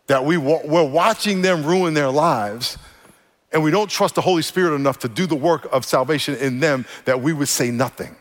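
High-voiced pastor preaching in a reverberant hall. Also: male voice, moderate pace. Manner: energetic, joking, leads congregation call-and-response. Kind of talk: sermon. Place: church auditorium. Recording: long reverb of a church hall.

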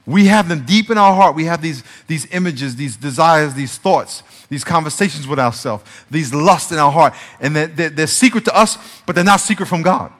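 A male pastor preaching a conversational sermon, shifting between soft, confiding passages and emphatic peaks. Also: on the high side, moderate pace, few pauses. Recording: reverberant church hall sound.

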